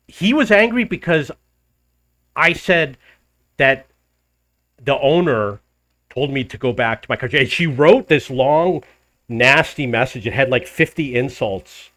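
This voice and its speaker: A man's voice: medium pitch, slow, long pauses. A middle-aged man from the United States, telling a story in a casual monologue and acting out the arguments he quotes. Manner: animated retelling, acts out quoted arguments. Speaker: travel vlogger.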